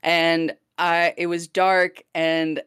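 A young adult woman co-hosting a podcast, telling a story in a casual, lively way and acting out the people she quotes. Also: on the low side, very slow, clear, resonant tone, no echo, clean studio sound. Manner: lively, acts out quoted voices, laughs often. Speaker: podcast co-host.

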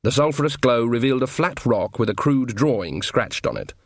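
A man's voice: medium pitch, expressive, fairly quick, no room sound. Wry male audiobook narrator. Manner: dry, wry storytelling. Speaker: audiobook reader. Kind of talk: comic novel narration.

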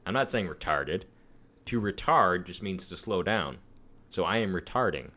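A man's voice: deep voice, expressive, normal speed, sharp tone. A man co-hosting a podcast, trading blunt, provocative jokes in casual chat. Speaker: podcast co-host.

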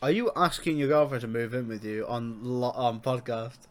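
A young man hosting a podcast in casual chat, loud, swearing and laughing often. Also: mid-range voice, moderate pace. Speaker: podcast host.

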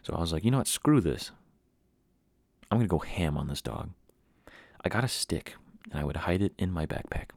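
A young man hosts a solo podcast and tells a rambling, animated story full of mocking asides. His voice is deep and husky with a gravelly edge. It is recorded dry and close, with no room sound. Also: moderate pace, long pauses, no echo. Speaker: podcast host. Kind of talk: casual storytelling monologue.

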